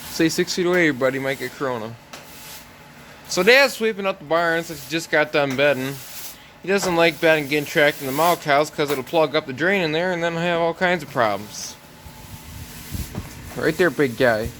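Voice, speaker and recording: A man giving a relaxed, rambling walk-through tour of his farm barn, talking into a handheld camera. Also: a little high, moderate pace, slight background noise. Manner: easygoing, rambling with many "so yeah" fillers. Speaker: farm vlogger.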